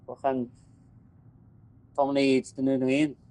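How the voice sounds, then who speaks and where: A man's voice: mid-range voice, normal speed, low-quality recording. Sweary Scouse man ranting about work. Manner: sweary, rambling, animated. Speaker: telecom engineer. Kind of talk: casual chat.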